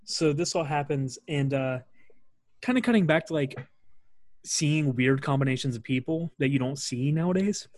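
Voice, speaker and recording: A man's voice: fairly high pitch, moderate pace, darkish tone, no echo. A young man hosting a casual chat, rambling with lots of fillers and acting out quotes. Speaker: podcast host. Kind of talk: casual chat recapping wrestling.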